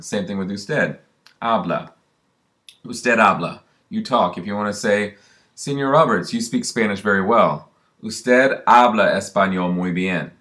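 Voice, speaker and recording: A man's voice: on the low side, fairly bright tone. A man, teaching a recorded lesson and patiently repeating drill words for learners. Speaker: Spanish teacher. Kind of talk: recorded classroom lesson narration.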